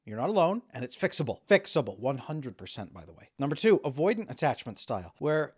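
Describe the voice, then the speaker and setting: A man in his thirties explains relationship patterns straight to camera, with a widely moving, expressive pitch. He slips into quick acted snippets of other people's thoughts as he talks. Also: breathy edge. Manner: animated, acts out quoted inner voices. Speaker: attachment coach.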